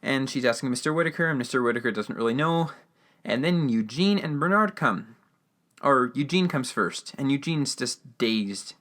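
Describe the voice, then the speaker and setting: A man's voice: medium pitch, lively intonation, moderate pace, fairly bright tone. A man hosting a podcast, giving a casual, rambling recap of a radio drama episode with lots of fillers and restarts. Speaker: podcast host.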